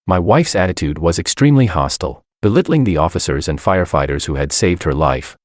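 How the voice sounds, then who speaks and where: Deep-voiced man narrating a drama story. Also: big pitch swings, normal speed, hardly any pauses, dry recording, clean studio sound. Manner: dramatic, pleading in his own quoted lines. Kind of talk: scripted first-person story narration.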